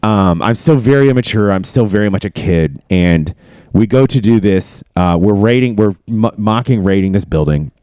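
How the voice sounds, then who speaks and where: A man casually telling stories from his army career, cursing freely and getting animated. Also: on the low side, moderate pace, dry recording, studio quality. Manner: profane, animated storytelling. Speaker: podcast host. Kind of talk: casual storytelling chat.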